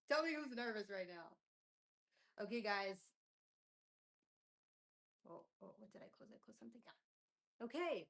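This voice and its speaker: A woman's voice: medium pitch, animated, unhurried, vocal fry, pauses often, fairly bright tone. Nervous bubbly woman streaming live. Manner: nervous, bubbly, talks to chat and repeats herself. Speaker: streamer hosting a live chat. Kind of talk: casual live stream chat. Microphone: camera or built-in mic, mic not attached. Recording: echoey room sound from a detached mic.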